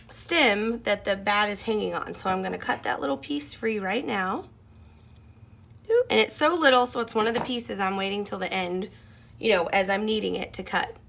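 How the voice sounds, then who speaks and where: Bright-voiced woman teaching machine embroidery. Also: a little high, creaky. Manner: friendly, chatty step-by-step explaining. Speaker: sewing instructor.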